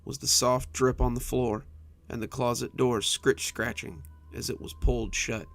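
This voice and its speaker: A man narrating horror stories in an expressive storytelling manner. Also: mid-range voice, moderate pace, creaky.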